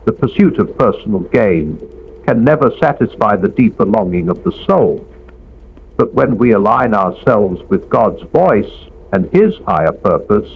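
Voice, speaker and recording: A man giving a scripted devotional narration in a measured, reflective way. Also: lowish voice, vocal fry, breathy edge. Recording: dull lo-fi audio with faint background noise.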